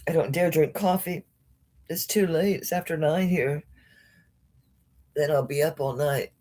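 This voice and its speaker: A woman's voice: low voice, measured pace, dark tone. A drowsy, yawning woman selling jewelry on a live stream at home, chatting casually and greeting viewers by name. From United States. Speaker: jewelry livestream seller. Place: home, indoors.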